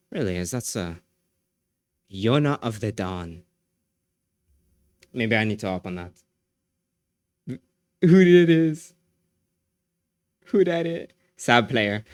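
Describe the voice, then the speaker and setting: A man livestreaming, chatting casually with his viewers, excitable and repeating phrases as he laughs often. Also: fairly low pitch, no room sound.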